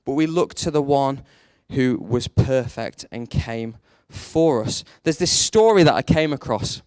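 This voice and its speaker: Lively preacher, dry close sound. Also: male voice, mid-range voice, measured pace, no echo. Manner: storytelling, animated, rises sharply for emphasis; rhetorical questions to the congregation. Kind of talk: sermon.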